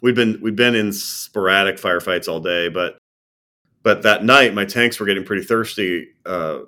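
A middle-aged man with a deep, low voice tells of his combat days as a former army commander. His speech is conversational and halting, full of pauses, fillers and restarts. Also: bright, forceful tone. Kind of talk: personal war recollection, conversational.

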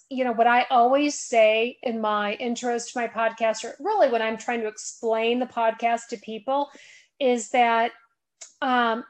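A woman's voice: on the high side, no echo. Earnest woman podcast host. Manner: earnest, rambling, backs up and restarts. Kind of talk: conversational podcast interview.

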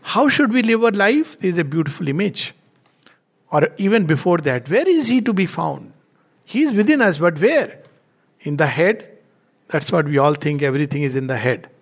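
A man's voice: fairly high pitch, normal speed. A middle-aged man giving a spiritual lecture, telling stories with frequent laughter and acting out the people he quotes. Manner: animated, laughs often, acts out quoted speakers. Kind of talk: lecture with storytelling.

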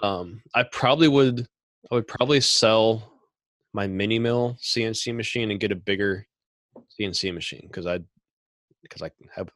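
Middle-aged guy hosting a podcast, lowish voice, keeps clearing his throat, dry sound. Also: a bit bright, no room sound. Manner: rambling, many restarts and throat clearing. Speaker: podcast host and machine shop owner. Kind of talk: casual podcast chat.

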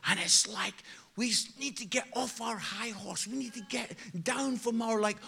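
British man, preacher, sermon with anecdotes, energetic, loud then quiet, very bright sharp tone. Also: fairly high pitch, creaky, slightly rough. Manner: energetic, shifts from loud exhortation to quiet asides. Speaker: guest preacher. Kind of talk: sermon with humorous storytelling.

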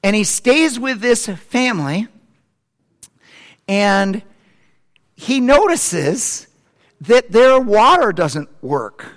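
A man preaching a sermon as pastor, swinging between loud, excited passages and hushed, slow ones. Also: sits high, big-room sound.

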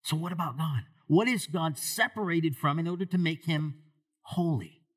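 Speaking at a normal speed in a slightly rough voice, a pastor preaches to his church congregation, asking questions and moving from quiet low lines to loud raised ones.

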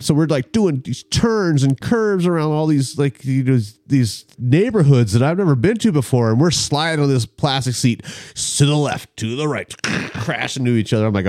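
A man telling a story in a casual chat, animated and acting out the people in it. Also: medium pitch, moderate pace, no echo, studio quality.

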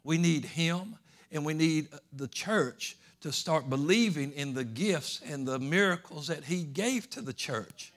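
A male pastor tells a story during a sermon, his voice swinging from hushed, low asides to emphatic, raised declarations. He is animated but unhurried.

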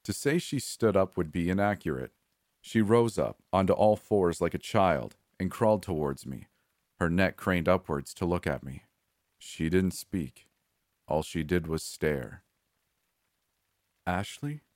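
A man giving a measured, steady scripted narration of a horror story. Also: sits low, dry recording, studio quality.

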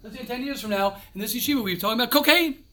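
A man's voice: very high-pitched, very fast, pushed and bright, slight background noise. A man giving an informal, emphatic talk to yeshiva students, repeating phrases and mixing in Hebrew and Yiddish words.

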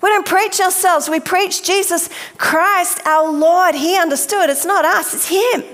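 A woman preaching a sermon, emphatic and deliberate, speaking directly to her listeners. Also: very high voice, fairly bright tone. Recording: long hall reverb.

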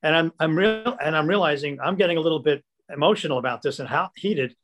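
Older guy telling stories in a podcast chat, slightly high voice, gets animated acting out everybody's lines. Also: fast talker. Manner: animated, acts out quoted dialogue. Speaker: producer. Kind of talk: casual storytelling.

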